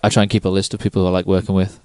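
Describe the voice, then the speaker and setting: A man's voice: low voice, little pitch movement, rapid-fire, darkish tone, clear, resonant tone, dry recording, clean studio sound. Easygoing podcast host man, laughs often. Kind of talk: casual podcast interview.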